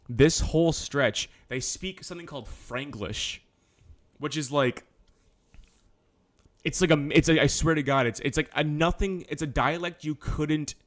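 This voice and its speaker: A man chatting casually on a live stream, rambling, swearing and correcting himself as he goes. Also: a little high. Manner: loose rambling talk with profanity and self-corrections.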